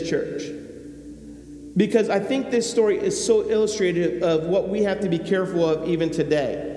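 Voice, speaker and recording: Pastor, male, slightly high voice, preaching with emphatic delivery, echoey church hall, faint hum. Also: darkish tone. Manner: storytelling, acts out characters, rising to emphatic exhortation. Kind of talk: sermon. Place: church sanctuary.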